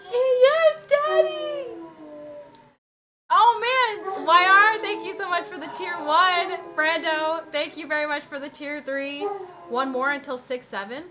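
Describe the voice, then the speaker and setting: Bubbly high-voiced woman streamer. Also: steady tone, normal speed. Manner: chatty, bubbly, thanking viewers. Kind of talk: casual livestream chat. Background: dogs barking.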